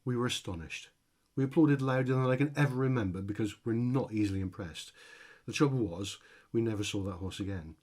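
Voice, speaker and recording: A man's voice: medium pitch, fairly quick, a little mellow. A man reading his own short comic story aloud, with a dry, wry delivery. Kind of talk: storytelling narration.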